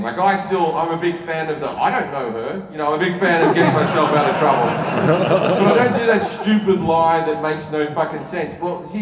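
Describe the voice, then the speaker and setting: A man in his forties with an Australian accent, doing stand-up storytelling in a big indoor arena, profane and self-mocking, laughing through his punchlines. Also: a little high. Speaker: stand-up comedian. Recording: echoey arena PA, distant, noisy.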